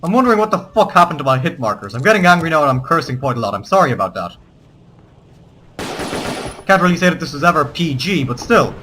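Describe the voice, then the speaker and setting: Guy doing let's play commentary, kinda high bright voice, hams up war speeches, swears a lot, faint game noise behind. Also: sing-song, quick pace, long pauses. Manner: theatrical in-character war speeches mixed with swearing asides. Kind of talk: gameplay commentary.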